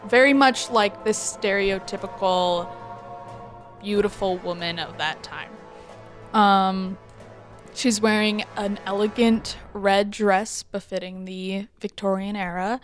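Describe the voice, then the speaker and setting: A woman narrating a tabletop game as game master, describing scenes in an unhurried way with frequent pauses. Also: medium pitch.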